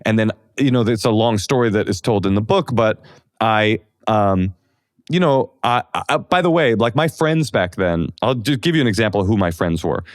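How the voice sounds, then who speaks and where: A man in his forties from Oakland, talking in a casual interview as a comedian guest. His voice sits low, and he tells self-deprecating stories with animation and plenty of fillers. The recording is dry and close. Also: expressive, normal speed, dry recording. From Oakland, California.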